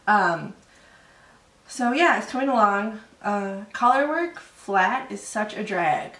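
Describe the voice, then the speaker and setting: A woman in her thirties, co-hosting a casual knitting podcast, chatty and quick to laugh, still a little sick. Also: medium pitch, expressive, a bit bright, recorded from a distance. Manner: chatty, laughing, self-deprecating. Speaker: podcast co-host. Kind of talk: casual chat about knitting. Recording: roomy echo, voice a bit off-mic.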